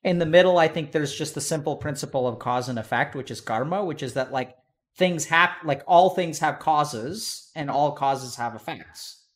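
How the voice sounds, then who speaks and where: Male advice host, slightly higher voice, blunt and casual, swears, storytelling with voices. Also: moderate pace. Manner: blunt, swears freely, tells stories with acted-out voices.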